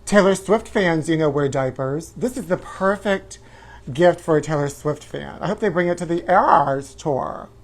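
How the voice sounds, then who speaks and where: For a campy comedic livestream, a man portrays a self-absorbed woman hosting a trashy tabloid gossip show. His voice is a little high and at normal speed, drawling "honey" to all and breaking out in whooping shrieks.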